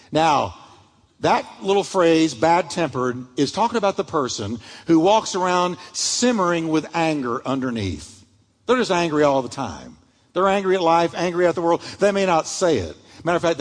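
Male pastor preaching, storyteller who acts out voices, high and lively delivery, recorded in a reverberant sanctuary. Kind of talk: sermon.

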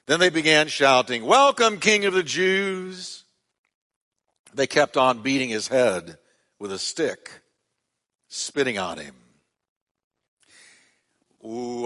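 A man's voice: mid-range voice, bright, forceful tone, big-room sound. A man preaching as a pastor, reading scripture aloud with dramatic voiced quotes and leading a prayer in a church sanctuary. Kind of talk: sermon.

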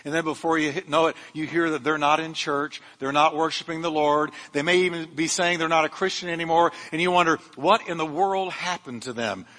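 A man's voice: fairly high pitch, steady tone, fairly quick, hardly any pauses, bright, forceful tone, in a large hall. A male pastor preaching a sermon, fervent and emphatic, with humorous asides to his congregation. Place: church sanctuary.

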